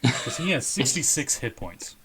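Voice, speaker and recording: A man narrating as game master of a tabletop game, relaxed and laughing often. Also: medium pitch, measured pace, background noise.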